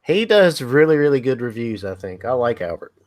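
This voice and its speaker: A man's voice: medium pitch, big pitch swings, fairly quick, a little mellow. A man from North Carolina co-hosting a live drone chat stream, easygoing and hesitant with lots of fillers. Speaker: co-host.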